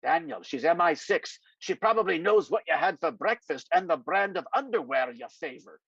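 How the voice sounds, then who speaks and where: A man voicing a dry-witted older politician, gruff and sardonic. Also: a little high, animated, normal speed, fairly bright tone, dry recording, exaggerated voice. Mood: wry, teasing. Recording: dry, slightly dull lo-fi sound.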